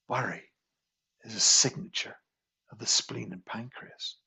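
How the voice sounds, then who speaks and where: A man teaching a qigong healing class, guiding a slow, soothing meditation with repetitive phrasing. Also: on the low side, vocal fry, bright, forceful tone, slightly rough.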